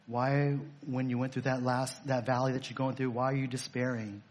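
A man's voice: mid-range voice, flat delivery, normal speed, few pauses, a little mellow, slight background noise. A male pastor preaching a sermon, emphatic and repetitive, firing off rhetorical questions.

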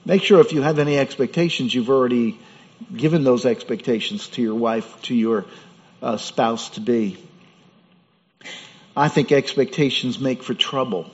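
A man's voice: mid-range voice, normal speed. A man preaching a sermon as pastor, in a conversational way with rhetorical questions. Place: church. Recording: dull sound with hall reverb.

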